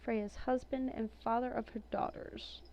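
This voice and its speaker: Woman, higher-pitched voice, casual commentary, amused, chatty, reads entries aloud. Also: fairly even intonation, normal speed, gravelly, mellow, lo-fi sound, slight background noise. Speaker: game reviewer. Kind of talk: casual commentary while browsing.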